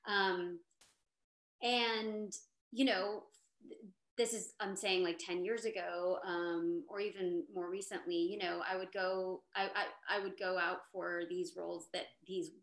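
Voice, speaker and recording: A woman's voice: lowish voice, fairly even intonation, measured pace, fairly bright tone. A woman from Texas, an actor on a panel, telling a story in a chatty way with many fillers and restarts over a video call. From Texas, USA. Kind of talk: casual panel chat. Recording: roomy echo.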